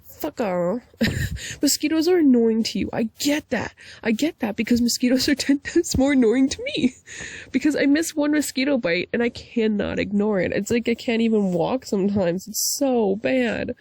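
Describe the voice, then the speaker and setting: A woman vlogger ranting casually to camera, animated and profane, with frequent laughing asides. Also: on the high side, moderate pace, no echo.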